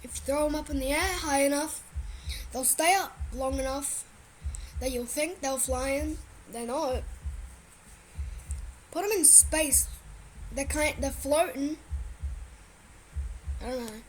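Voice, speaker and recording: Aussie woman, high voice, blunt and excitable reaction chat, swears a lot. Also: takes it slowly, pauses often, background noise. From Australia. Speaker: reaction vlogger. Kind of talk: casual reaction commentary.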